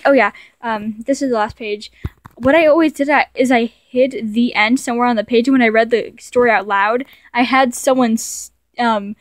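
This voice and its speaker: Young woman, casual self-mocking commentary, stumbling, higher voice, dry close sound. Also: no echo. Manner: rambling and self-mocking, stumbles and corrects herself. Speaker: video creator. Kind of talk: casual commentary reading her childhood stories aloud.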